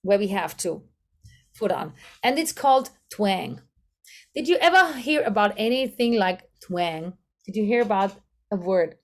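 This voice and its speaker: A woman's voice: mid-range voice, animated, unhurried. A woman with a German accent teaching a voice workshop, searching for English words and demonstrating vocal exercises. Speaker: voice coach.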